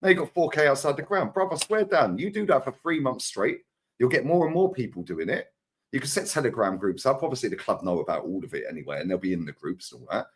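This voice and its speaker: A man's voice: medium pitch, lively intonation, quick pace, breathy edge. A man, a co-host in a casual football chat, talking in street slang and swearing freely. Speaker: co-host, Arsenal fan.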